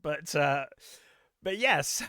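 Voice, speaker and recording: A man with a bright, forceful voice talks through a film in a casual podcast chat. He sounds animated, swears freely, and laughs between lines. The dry, close sound has little room to it. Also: on the high side, drawn-out words, dry recording. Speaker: podcast co-host.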